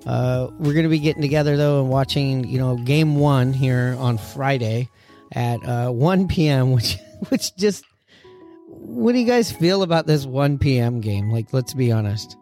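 A man's voice: mid-range voice, expressive, moderate pace, mellow, soft background music. A man hosting a podcast in a loose, rambling way, full of fillers and the odd curse, from a memorabilia-filled room at a friend's house. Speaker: podcast host. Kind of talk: casual podcast chat.

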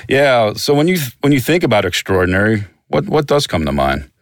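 A male interviewer with a very deep voice who keeps his questions warm and affirming. He encourages his guest as she tells her stories. The recording is dry, with no reverb. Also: very animated, brisk. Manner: supportive, affirming. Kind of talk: interview host.

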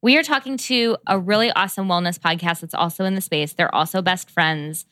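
A woman co-hosting a podcast in casual chat, playful and quick to laugh. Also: lowish voice, a bit bright, no room sound, clean studio sound. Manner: playful, laughs easily, upbeat. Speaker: podcast co-host.

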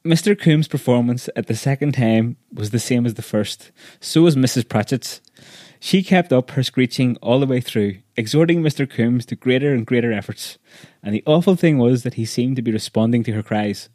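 A man reads a story aloud in a measured, vivid way, his voice of ordinary pitch. The recording is dry and close, with no room sound. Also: warm tone, no room sound. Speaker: narrator.

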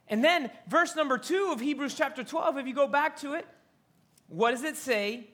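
A man's voice: very high voice, moderate pace, a bit bright. A man preaching a fervent sermon, repeating phrases and dropping to whispers for emphasis. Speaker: pastor.

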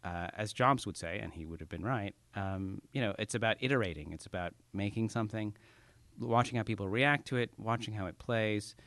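Guy author on a podcast, bright tense voice, keeps restarting himself, dry close sound. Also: on the low side, dry recording. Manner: self-deprecating, halting with many restarts. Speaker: author guest. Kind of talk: casual interview conversation.

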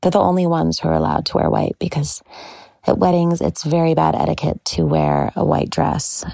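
A woman hosts a podcast with a low, gravelly voice full of vocal fry. She gushes as she talks about her own life, and her phrases often trail off into breathy whispers. The sound is dry and close, with no room echo. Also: sing-song, moderate pace, dark tone. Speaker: podcast host. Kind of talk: personal monologue.

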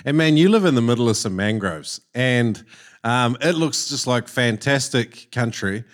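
A man's voice: mid-range voice, expressive, moderate pace. Australian male podcast host, easygoing and keen, mid-range voice, slangy chat. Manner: enthusiastic, laid-back slang. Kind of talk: casual podcast interview.

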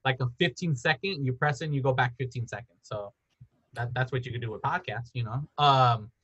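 A man's voice: medium pitch, fairly quick, fairly bright tone, breathy edge, highs cut off. A man in his thirties hosting a podcast in casual chat, rambling through stories with lots of filler words. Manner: rambling storyteller, many "like"s, laughs often. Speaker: podcast host.

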